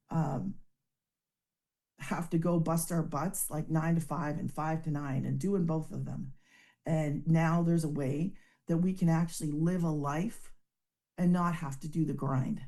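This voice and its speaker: A woman's voice: deep voice, mellow. A woman giving an earnest, emotional personal success testimonial over a video call. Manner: earnest, emotional, fast-talking storyteller. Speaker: business testimonial speaker.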